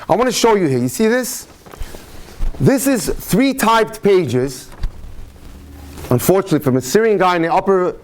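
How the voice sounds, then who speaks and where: A man lecturing as a rabbi to a live audience in a room, telling jokes and stories with lively shifts in speed. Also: sits high. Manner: animated storytelling, speeds up and slows down.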